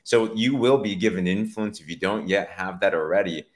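Low-voiced male podcast host. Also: normal speed. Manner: affirming, frequent murmured agreement. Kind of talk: casual faith-based interview talk.

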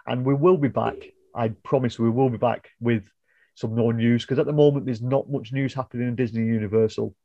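A British man co-hosts a casual podcast over a video call, rambling, correcting himself and apologizing as he talks. His mid-range voice is steady, brisk and dark in tone, recorded with no echo and the high frequencies cut off.

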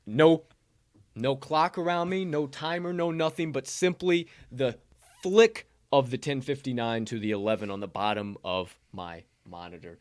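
A man with a medium-pitched voice, speaking at normal speed, co-hosts a sports betting podcast. He talks casually, with loud, profane, showman-style hype and ad reads.

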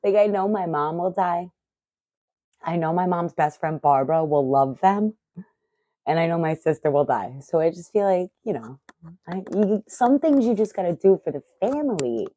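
A middle-aged woman vlogging in casual chat, excitable, profane and rambling. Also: on the low side, moderate pace, dry recording, lo-fi sound.

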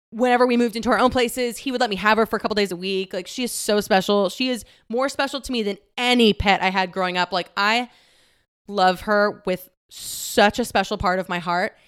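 A woman's voice: medium pitch, normal speed, fairly bright tone, clear, resonant tone. A young woman telling a personal story, candid and emotional, laughing often and close to tears.

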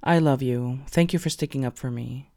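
A man voicing a gentle, devoted young male hero who speaks in a soft, soothing, hushed way. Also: medium pitch, moderate pace, vocal fry, close to an everyday voice. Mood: reassuring.

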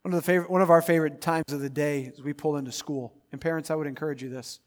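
A male pastor preaching a sermon, swinging from loud, emphatic build-ups to quiet, intimate asides. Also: a little high, fairly even intonation, rapid-fire.

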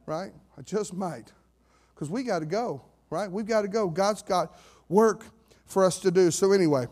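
A male pastor preaching a sermon, swinging between shouted declarations and low, steady scripture reading.

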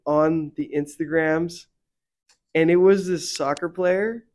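Here the faith podcast co-host is a young man with a fairly high voice and a slow delivery. His talk is casual and meandering, thick with fillers, and turns animated and heated when he vents.

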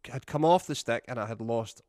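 A man's voice: mid-range voice, fairly quick, darkish tone, no room sound, clean studio sound. A middle-aged man, hosting a podcast in an easygoing way and speaking straight to the listeners. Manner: easygoing, addresses listeners directly. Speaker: podcast host, drummer, music shop worker. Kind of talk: casual chat.

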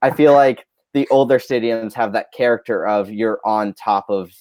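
Man, co-host, relaxed casual talk, low voice, dry sound. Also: moderate pace, no room sound. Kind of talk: casual chat.

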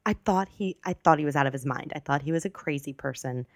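A woman's voice: low-pitched, quick pace, dry recording, studio quality. A woman in her twenties hosting a podcast, telling a story in a rambling, chatty way that keeps correcting itself. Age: 20s. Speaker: podcast host. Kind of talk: casual storytelling monologue.

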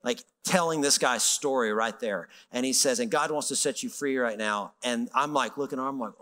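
Middle-aged guy preaching, telling a story, bright forceful voice, acts out the other people. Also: medium pitch, moderate pace, big-room sound. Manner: animated, conversational, acts out quoted voices. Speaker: pastor. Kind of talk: sermon storytelling.

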